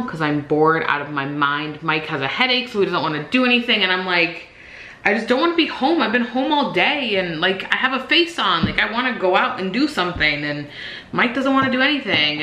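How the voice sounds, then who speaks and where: This young woman vlogger has a lowish, sharp-toned voice, recorded in an echoey room at home with a faint hiss or hum. She tells the story of her day animatedly and casually, swearing throughout.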